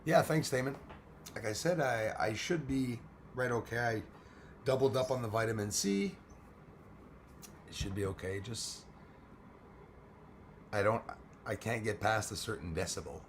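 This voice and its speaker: Hoarse man speaking low and quietly. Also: lively intonation, a little slow, long pauses, a little hiss or hum. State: hoarse, losing his voice. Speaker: live stream host. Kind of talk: casual live-stream chat greeting viewers.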